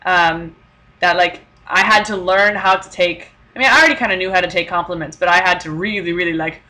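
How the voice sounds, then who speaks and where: A woman's voice: lowish voice, bright, forceful tone. A young woman talking casually to the camera in a chatty way, with frequent fillers and light laughter. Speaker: vlogger living abroad.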